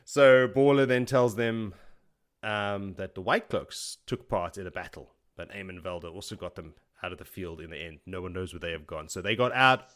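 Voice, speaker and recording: Guy with a lowish voice chatting through a book recap, laughs a lot, does little character bits. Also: fairly bright tone. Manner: laughs often, acts out characters' lines in quick paraphrase. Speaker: podcast host. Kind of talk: casual book recap chat.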